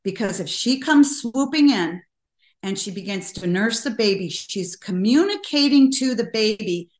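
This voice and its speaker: An older woman speaking as a guest in an interview, telling stories earnestly and getting animated when she quotes people. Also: fairly high pitch, moderate pace. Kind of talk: conversational interview. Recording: roomy echo.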